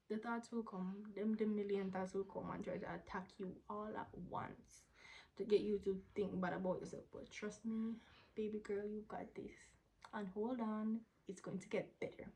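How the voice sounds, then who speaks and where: A young woman, answering viewer questions in a candid, casual vlog, sometimes dropping into a soft whisper. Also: mid-range voice, flat delivery, normal speed, gravelly, poor audio. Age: young adult. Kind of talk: casual Q&A to camera.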